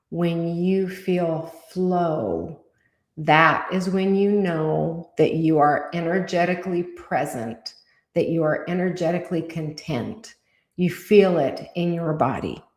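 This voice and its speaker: A woman co-hosting a podcast, channeling spirit guidance in a calm, measured, deliberate way. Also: fairly low pitch, reverberant.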